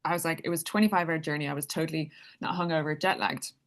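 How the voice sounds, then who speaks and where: A woman's voice: sits low, steady tone, racing. A woman telling a personal story in a casual, chatty way, laughing often and leaning on "like". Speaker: spiritual speaker.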